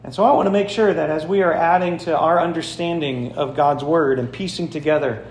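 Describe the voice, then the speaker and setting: A man pastor giving a sermon, telling stories and speaking straight to his congregation with emphatic, lively delivery. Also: a little high, a little fast, reverberant, slight background noise. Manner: storytelling, emphatic, addresses congregation directly. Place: church sanctuary.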